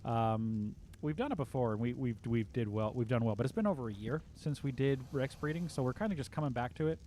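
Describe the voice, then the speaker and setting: A man's voice: mid-range voice, expressive, brisk, dark tone, a little hiss or hum. A man casually chatting on a livestream, rambling with lots of fillers and restarts. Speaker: streamer.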